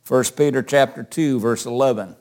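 A man's voice: mid-range voice, moderate pace, darkish tone. An older man teaching a Bible class in a conversational way, asking questions and calling on readers.

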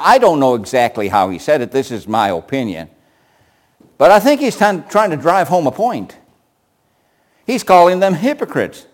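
Preaching a sermon, an older man poses rhetorical questions and shifts from booming emphasis to soft asides. His voice falls in the mid range.

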